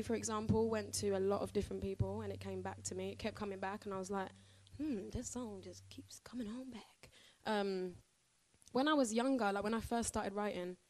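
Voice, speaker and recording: A woman's voice: mid-range voice, fairly even intonation, fairly quick, a little mellow, no echo. A woman, chatting in a bubbly, casual way as a singer answering questions from a live audience. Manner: bubbly, chatty, laughs often.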